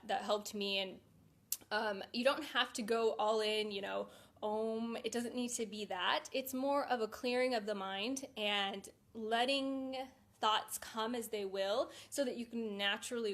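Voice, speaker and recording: A woman's voice: mid-range voice, fairly bright tone. A woman talking in a casual vlog, chatty and candid, with a lot of fillers. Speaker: fitness coach.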